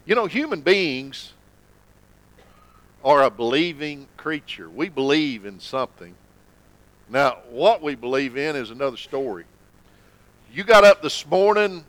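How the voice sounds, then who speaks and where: A man preaching a sermon in church, folksy and conversational, sometimes dropping to a low hush for emphasis. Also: no echo, low-quality recording. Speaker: pastor.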